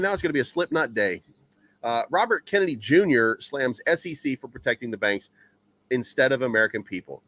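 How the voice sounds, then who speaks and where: A man's voice: mid-range voice, lively intonation, fairly quick, fairly bright tone. A man hosting a crypto news channel, reading headlines aloud and rambling through them with stammering repeats and many fillers.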